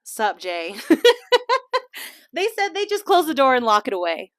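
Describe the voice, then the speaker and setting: A woman hosting a casual podcast, chatty and laughing often, slipping into quiet asides. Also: a little high, big pitch swings, a little fast, no room sound, clean studio sound. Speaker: podcast host. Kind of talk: casual chat. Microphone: small desk mic.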